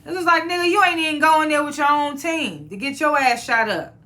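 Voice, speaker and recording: A woman's voice: high voice, fairly quick, pushed and bright. A woman hosting her own review channel, recapping a TV episode in a casual, profane way and acting out the characters' lines as she goes.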